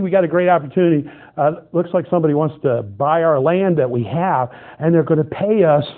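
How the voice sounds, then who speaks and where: A middle-aged man preaching a sermon, his voice sitting a little high. He tells stories with animated energy and breaks into loud, excited outbursts. The sound is thin and tinny, like a phone line. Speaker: pastor.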